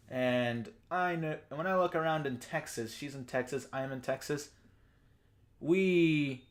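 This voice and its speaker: A man giving a profane, rambling rant as a YouTube commentator. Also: mid-range voice. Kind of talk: ranting commentary.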